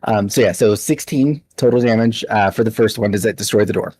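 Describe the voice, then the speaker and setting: A man playing a tabletop role-playing game, chatty and laughing often, lifting his pitch when he speaks in character. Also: brisk, a little mellow, husky. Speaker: player.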